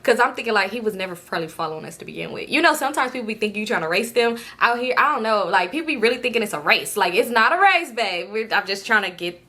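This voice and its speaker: A woman in her late twenties telling a storytime vlog story in a casual, animated way, full of slang and cursing. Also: medium pitch, fast talker, hardly any pauses. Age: late 20s. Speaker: storytime vlogger.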